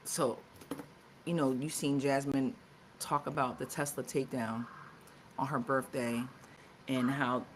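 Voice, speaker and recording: Chatty low-voiced woman host. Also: a little hiss or hum. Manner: animated, chatty, many fillers and restarts. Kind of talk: casual live-show commentary.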